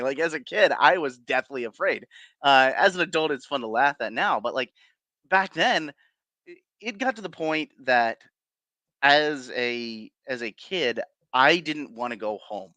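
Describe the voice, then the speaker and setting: A man on an interview show tells his stories in a loose, rambling way, full of ums and restarts, and chuckles along as he goes. His voice is bright and forceful, and the recording is dry and close. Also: a little high, animated, normal speed, no echo. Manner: rambling, many fillers and restarts, chuckles while telling. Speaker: guest paranormal investigator. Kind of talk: casual storytelling interview.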